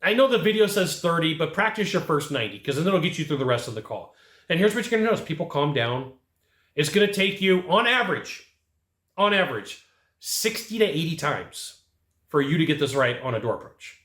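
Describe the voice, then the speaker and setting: Fast, punchy male sales coach. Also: a little high, sing-song, fairly bright tone. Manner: emphatic, punchy, keeps asking "right?". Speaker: HVAC sales trainer. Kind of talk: coaching talk to camera. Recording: echoey room.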